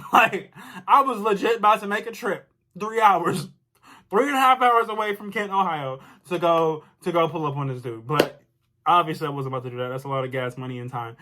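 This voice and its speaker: Young guy, high bright voice, furious storytime vlogger, slangy and repetitive. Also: brisk. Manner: angry, exasperated, loose slang, repeats himself. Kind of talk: storytime vlog rant.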